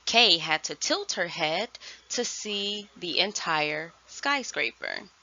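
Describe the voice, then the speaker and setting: A woman first grade teacher giving a virtual lesson, speaking slowly and enunciating clearly. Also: fairly low pitch, lively intonation, bright, forceful tone. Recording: dull lo-fi sound.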